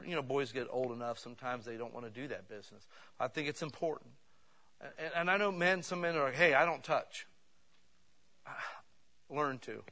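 Man preaching with animated stories. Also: medium pitch. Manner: animated storytelling, swinging between loud bursts and hushed asides. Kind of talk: sermon with personal stories.

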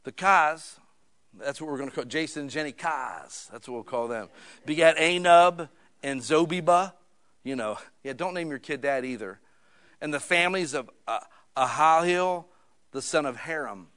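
A middle-aged man delivers a sermon with a relaxed, joking manner, dropping playful asides between passages he reads aloud. His voice sits slightly higher than most men's. The preaching feels conversational rather than formal. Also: normal speed. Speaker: pastor.

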